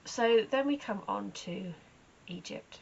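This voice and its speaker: A woman giving a casual vlog update about her horses, telling stories in a chatty, animated way. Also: medium pitch, slow pace, creaky, highs cut off, a little hiss or hum. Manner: chatty, animated storytelling with acted asides. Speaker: horse owner vlogger.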